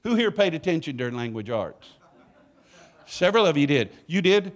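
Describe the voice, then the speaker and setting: A man's voice: on the high side, big pitch swings, moderate pace. A middle-aged man preaching a sermon in a church, joking and calling for responses from the congregation. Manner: playful, call-and-response with congregation. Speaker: guest preacher. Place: church sanctuary.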